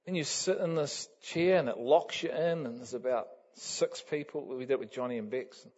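A man preaching a sermon, telling a story with lively energy and laughter, building up to loud exclamations. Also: mid-range voice, normal speed. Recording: dull lo-fi sound.

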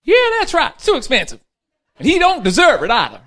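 A man voicing a stingy, bossy 95-year-old woman in a high, scolding tone. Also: huge pitch swings, fairly quick, pushed and bright, full character voice. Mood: smug. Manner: scolding, high-pitched put-on old lady voice.

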